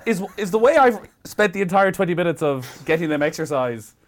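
Dad laughing thru parenting chat, high voice that jumps all over. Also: male voice, lively intonation, fairly quick. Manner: laughing, reflective, mimics his own exasperated shouts. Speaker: podcast co-host. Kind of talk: casual chat.

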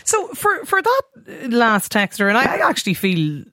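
A woman hosting a radio phone-in, talking in a relaxed, conversational way. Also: a little high, normal speed, dry recording, studio quality. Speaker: radio host.

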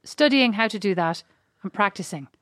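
A woman's voice: medium pitch, expressive, normal speed, a bit bright, no room sound, studio quality. A young woman co-hosting a podcast with her sister, bantering sarcastically. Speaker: podcast co-host. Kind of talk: casual chat.

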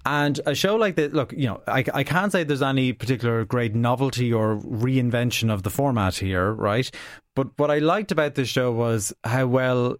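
A man's voice: mid-range voice, normal speed, no room sound, clean studio sound. A man reviewing TV shows in casual radio chat, opinionated and given to restarts. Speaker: TV critic guest.

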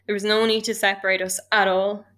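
Bright-voiced Irish woman, candid. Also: medium pitch, flat delivery, fairly quick. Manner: candid, emotional retelling. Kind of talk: personal account.

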